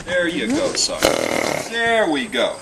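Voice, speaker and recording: A man trains a horse and talks the viewer through each step in an even, soothing way. His voice sits slightly high. Loud crickets and insects chirp behind him in the open air. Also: slow, recorded from a distance. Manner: calm, soothing, repeats praise. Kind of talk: instructional commentary while working. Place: outdoor pen. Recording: outdoors with loud insect noise.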